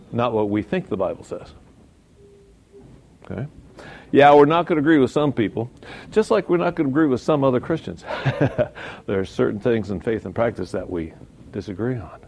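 A man's voice: lowish voice, creaky, darkish tone. A man teaching from the Bible in a folksy, informal way, with asides and mock voices. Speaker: preacher.

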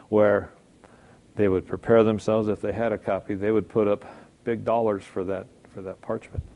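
A middle-aged male pastor with a slightly mellow, lowish voice preaches a sermon in a conversational style. He checks in with the congregation frequently.

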